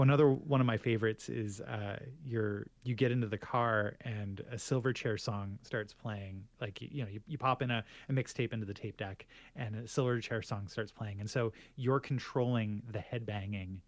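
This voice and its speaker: A man with a lowish voice talks in loose, rambling podcast chat, stacking fillers and restarts as he goes. The sound is dry and close, with no room around it. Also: fairly even intonation, normal speed, few pauses, no echo. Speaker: podcast co-host. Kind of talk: casual chat.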